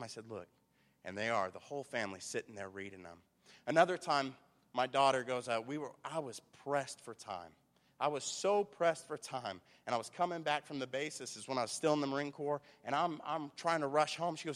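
A man's voice: medium pitch, lively intonation, a little fast, fairly bright tone. A man in his thirties preaching a sermon, telling personal stories in a conversational way with rhetorical questions. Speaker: pastor. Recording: long hall reverb.

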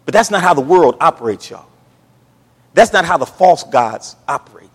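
A man from the United States preaching a sermon, emphatic, swinging between loud and hushed. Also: fairly high pitch, lively intonation, moderate pace, breathy edge. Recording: reverberant hall.

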